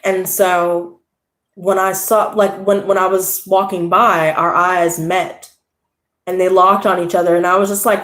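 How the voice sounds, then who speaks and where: Animated, swearing young woman in echoey room. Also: lowish voice, a little slow. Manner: swearing, animated, rambling, lots of "you know" and "like". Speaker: tarot channel host. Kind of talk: casual storytelling to camera.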